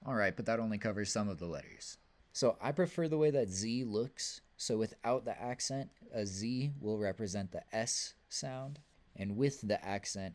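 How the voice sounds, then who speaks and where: Young male student presenter, lowish voice, dry humor. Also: a little mellow. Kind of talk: class presentation.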